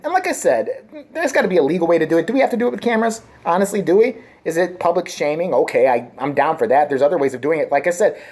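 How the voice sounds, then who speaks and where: A woman's voice: fairly low pitch, darkish tone. A woman vlogger delivering a crude, sarcastic comedic rant. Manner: crude, sarcastic, swings into mocking voices.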